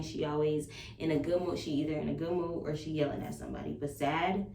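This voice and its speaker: A young woman with a fairly low voice talks openly and bluntly in a personal vlog, swearing without restraint. She sits back from the mic in a roomy, echoing space, with faint ambience underneath. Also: vocal fry, recorded from a distance, a little hiss or hum. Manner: frank and expressive, swears freely, laughs between thoughts. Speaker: vlogger and spiritual practitioner. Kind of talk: candid personal vlog monologue.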